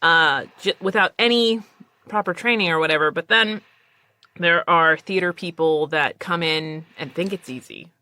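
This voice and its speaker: A woman's voice: lowish voice, moderate pace, sharp tone, dry recording. A woman voice actor in casual podcast chat, telling stories animatedly, acting out quoted lines and swearing casually.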